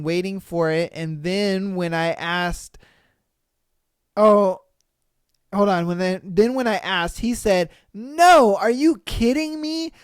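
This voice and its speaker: Animated, profane podcast host. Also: mid-range voice, clear, resonant tone, no echo, clean studio sound. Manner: animated, profane, laughing reactions. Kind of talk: comedic commentary reading online posts.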